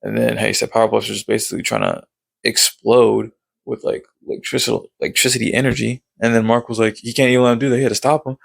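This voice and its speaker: A man with a heavily gravelly, fry-laden voice talks through a show recap in a loose, rambling way. He leans on fillers and throws in excited sound-effect words as he goes. The recording is close and dry, with no room sound. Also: medium pitch, quick pace, dry recording, poor audio. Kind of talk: casual episode recap.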